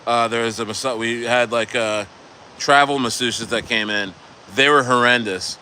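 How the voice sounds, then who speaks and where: Rambling, bright-voiced male vlogger. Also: mid-range voice, fairly even intonation, normal speed, slight background noise. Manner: rambling, profane, many restarts and "bro". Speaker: crypto vlogger. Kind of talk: casual rambling storytelling. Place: vacation condo.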